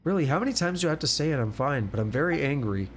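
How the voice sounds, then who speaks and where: A man's voice: on the high side, lively intonation, very fast, a little hiss or hum, natural voice. A man reading the lines of a tired young woman forest watcher aloud in his own voice from a video game. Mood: tired fondness. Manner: reads the game text aloud.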